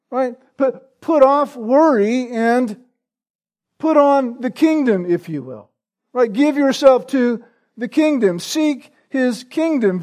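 A man preaching an expository sermon, earnest and deliberate, who often checks in with a rhetorical "right?" and repeats words for emphasis. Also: extremely high pitch, darkish tone. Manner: earnest, rhetorical, frequent "right?" tag questions; slow and deliberate with emphatic repetition. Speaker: pastor.

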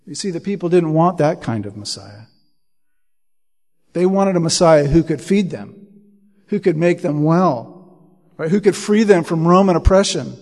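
Man, high voice, sermon, earnest scripture reading, repeats words, long hall reverb. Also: expressive, measured pace, pauses often, a little mellow. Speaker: preacher.

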